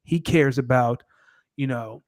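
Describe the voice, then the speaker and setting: A man's voice: mid-range voice, takes it slowly, a little mellow. Emphatic, argumentative podcast co-host man. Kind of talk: casual podcast chat.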